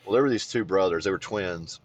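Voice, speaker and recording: A man co-hosting a podcast, telling a childhood story in casual chat, swearing freely, and getting animated as he goes. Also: a little fast. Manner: animated, swears freely, voice jumps high when excited. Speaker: podcast co-host.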